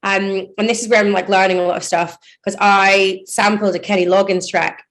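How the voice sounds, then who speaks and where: A woman's voice: medium pitch, level tone, brisk, a bit bright. Chatty woman DJ talking about her music. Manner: chatty, rambling, laughs often, many "like" fillers. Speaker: DJ and producer, interview guest. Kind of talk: casual interview chat.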